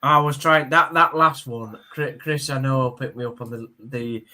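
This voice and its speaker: A man's voice: medium pitch, fairly even intonation, sharp tone. A man with a Yorkshire accent hosting a football show, reading results and chatting casually. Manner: rapid, halting with fillers and restarts.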